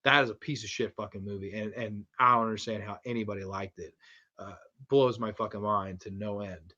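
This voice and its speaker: A man hosting a casual horror movie review livestream from home, rambling excitedly and swearing a lot. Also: on the low side, brisk, highs cut off. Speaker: livestream host. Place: home streaming setup with posters behind.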